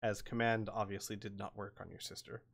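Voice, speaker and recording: A man's voice: on the low side, little pitch movement, brisk, vocal fry. A man narrating combat as game master, playful and often laughing between rulings.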